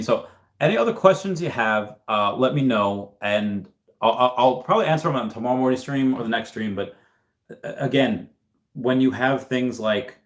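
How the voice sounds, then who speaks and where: A man hosting a casual livestream, talking in a rambling, halting way with many restarts and fillers. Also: mid-range voice. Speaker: livestream host.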